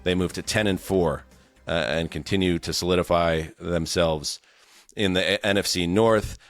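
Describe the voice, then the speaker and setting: Brief: male sports podcast host, low, loose and joking, faint music underneath. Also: normal speed, no echo, clean studio sound. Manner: relaxed, many fillers, jokey. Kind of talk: casual sports podcast chat.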